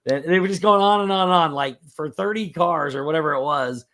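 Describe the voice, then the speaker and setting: Animated storytelling man, chuckling often. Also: fairly high pitch, a little fast. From Indiana. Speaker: podcast host. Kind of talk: casual chat, storytelling.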